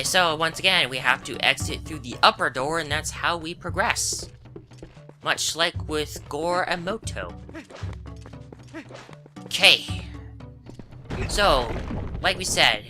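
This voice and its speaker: A woman giving casual, rambling gameplay commentary, full of asides and fillers. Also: low voice. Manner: chatty, rambling, frequent "uh" and "anyway". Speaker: game commentator. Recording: game music behind voice.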